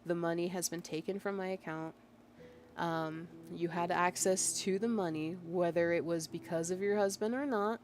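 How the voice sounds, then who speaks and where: A woman's voice: fairly low pitch, fairly even intonation, normal speed, darkish tone, slight background noise. Exasperated woman venting over a chat log. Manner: exasperated and emphatic, with frequent fillers and bursts of laughter. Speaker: VTuber. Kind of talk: casual venting while reading out a chat log.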